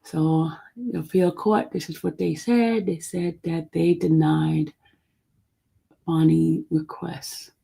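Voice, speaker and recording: A woman's voice: low-pitched, fairly even intonation, slow, creaky, mellow, husky. A woman hosting a live stream, reading a court document aloud in an informal, chatty way and stumbling over legal words. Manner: chatty and informal between read passages. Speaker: channel host.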